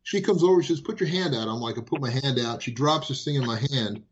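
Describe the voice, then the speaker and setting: Animated storytelling man, muffled sound. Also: mid-range voice, fast talker. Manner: animated, repeats and restarts phrases. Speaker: guest. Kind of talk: casual storytelling.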